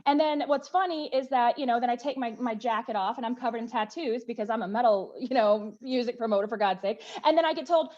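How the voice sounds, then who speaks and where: A high, emphatic woman from the American South speaks on a panel, acting out the people she quotes. Her voice comes through a dull, lo-fi line. She is middle-aged and animated. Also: fast talker. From Southern United States. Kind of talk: panel discussion.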